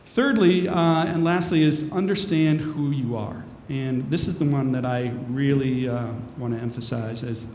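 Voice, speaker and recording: A man's voice: mid-range voice, fairly even intonation, unhurried, few pauses, darkish tone. A man, a minister, giving a rambling, self-mocking inspirational talk to an audience in a large hall. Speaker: minister and speaker. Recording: echoey hall with faint noise.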